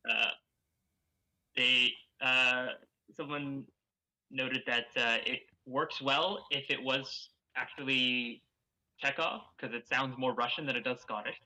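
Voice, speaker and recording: Casting note: man with a very bright, sharp tone, hesitant, filler-heavy chat. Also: medium pitch, fairly even intonation, slow pace, rough recording. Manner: hesitant, lots of ums, reassuring. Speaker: guest reader. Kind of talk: casual reading stream chat.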